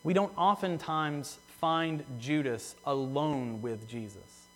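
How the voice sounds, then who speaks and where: Male pastor with a slightly high voice, preaching earnestly in a church with long reverb. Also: fairly bright tone, faint music behind. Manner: earnest, repeats phrases for emphasis, slows on key words. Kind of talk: sermon.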